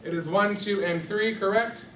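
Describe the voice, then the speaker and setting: A man with a high, slightly bright voice teaches a music class at a moderate pace, patiently quizzing his students by name. It's classroom instruction, recorded from a distance in an echoey classroom with background noise.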